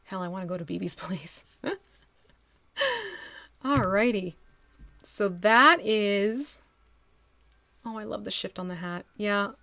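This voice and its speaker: Chatty gravelly-voiced New Jersey woman. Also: medium pitch, takes it slowly, long pauses, pushed and bright, dry recording. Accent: northwestern New Jersey. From northwestern New Jersey. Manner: chatty, laughs easily, thinks aloud while working. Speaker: miniature painting streamer. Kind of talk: casual live-stream painting demo.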